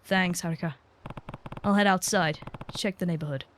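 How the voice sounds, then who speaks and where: A woman voicing a gruff, serious grown man in a video game, speaking low and clipped as she reads his lines. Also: moderate pace, slight background noise, close to an everyday voice. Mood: stern. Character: gruff, stern grown man, a reserved ex-yakuza hero. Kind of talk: voicing game dialogue while reading subtitles.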